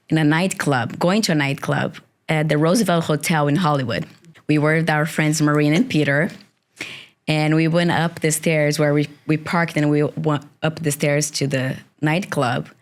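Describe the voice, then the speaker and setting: This is a woman with a Brazilian accent chatting on a podcast. Her voice sits low in pitch. She talks casually and tells stories in loose, nonstandard English. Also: vocal fry. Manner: animated storyteller with loose, nonstandard English grammar. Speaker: podcast co-host. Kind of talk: casual chat.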